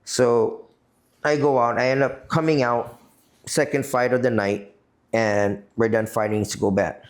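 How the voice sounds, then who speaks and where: A man's voice: mid-range voice, fairly even intonation, measured pace. A man from Guam, a podcast guest, telling a long profane story in a rambling, casual way. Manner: profane, rambling, repeats "you know what I mean".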